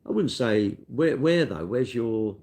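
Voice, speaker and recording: With a medium-pitched, slightly mellow voice and lively intonation, the older cake shop worker takes his time. He chats casually through viewer questions, rambling along in a self-deprecating, matey way.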